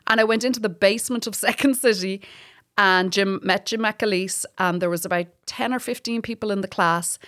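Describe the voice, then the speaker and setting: Irish woman, lively storyteller, laughs a lot, swears freely. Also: mid-range voice, brisk, dry recording, studio quality. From Ireland. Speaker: stand-up comic, podcast guest. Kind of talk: casual chat.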